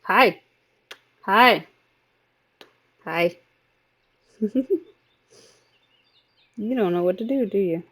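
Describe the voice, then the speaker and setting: A woman's voice: medium pitch, drawn-out words, pauses often, fairly bright tone. A woman live streamer playing a game and chatting in doting baby talk to her cat. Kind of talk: casual chat while gaming.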